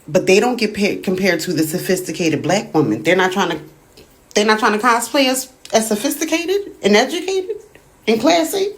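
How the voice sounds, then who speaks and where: A woman giving casual commentary, her voice leaping up as she poses questions. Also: on the low side.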